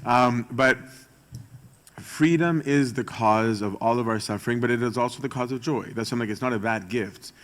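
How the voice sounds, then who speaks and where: A man's voice: medium pitch, moderate pace. A male priest giving a conversational sermon talk, often checking in with a rhetorical "right?". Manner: chatty, tags points with rhetorical "right?".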